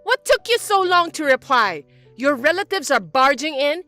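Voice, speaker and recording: Lady voicing a bossy mother-in-law, high and whiny, swinging all over, faint music behind. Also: big pitch swings, moderate pace, fairly bright tone, dry recording. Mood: furious. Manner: indignant, accusing and whiny. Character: shrill domineering mother-in-law, middle-aged woman. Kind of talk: scripted story voice-acting.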